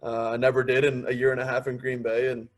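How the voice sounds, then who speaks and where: A young man in his twenties speaks as a podcast guest in a relaxed, conversational way. He tells long personal stories and drops into quick impressions of the people in them. His pitch sits in a middle range. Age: 20s. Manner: storytelling, quoting others in lively asides. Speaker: podcast guest, pro hockey player. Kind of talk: casual interview chat.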